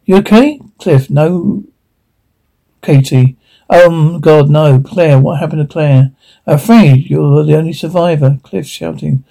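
A man speaking TV drama dialogue in a weary, gruff way, with a gravelly, husky voice. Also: on the high side, slow, warm tone, full character voice.

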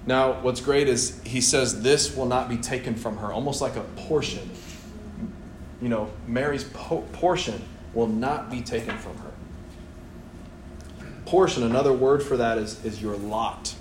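A young man preaching a sermon in a church, animated and playful, acting out voices as he tells the story. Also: medium pitch, measured pace, slight background noise. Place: church hall. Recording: echoey church room, faint ambience.

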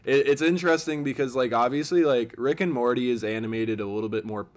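A man's voice: mid-range voice, quick pace. A man hosting a podcast in casual conversation, talking loosely with lots of fillers and easy laughs. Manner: loose and rambling, heavy filler use, laughs easily. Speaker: podcast host.

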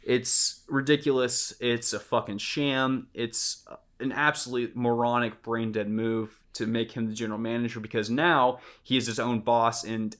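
A man's voice: mid-range voice, level tone, a little slow, fairly bright tone. A young man from Houston co-hosting a sports podcast, ranting in exasperated, profane bursts. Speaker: podcast co-host. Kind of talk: casual sports chat.

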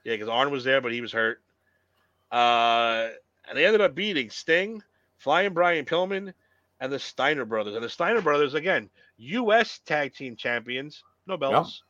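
A man's voice: medium pitch, expressive, unhurried, pushed and bright, no room sound. Man, podcast co-host, casual rambling chat, swears freely, dry muffled recording. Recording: dull lo-fi sound.

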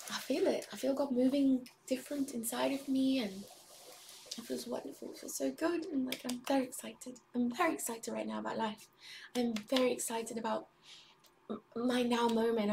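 A woman hosting a casual spiritual livestream, talking in a meandering, airy way with many likes and drifting into soft whispered prayer. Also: on the high side, far from the mic, a little hiss or hum. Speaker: livestream host.

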